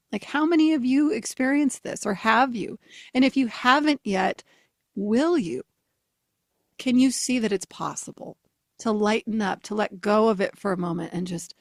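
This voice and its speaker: A woman's voice: on the high side, no echo, studio quality. A woman in her forties hosting a casual spiritual talk, telling a family story with frequent laughter. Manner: animated, laughs often while telling stories. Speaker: spiritual teacher, podcast host.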